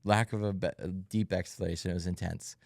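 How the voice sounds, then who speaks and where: Casting note: young male podcast co-host, very low and even voice, halting, dry close sound. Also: vocal fry, no room sound. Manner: reflective, halting, many fillers. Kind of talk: casual testimony chat.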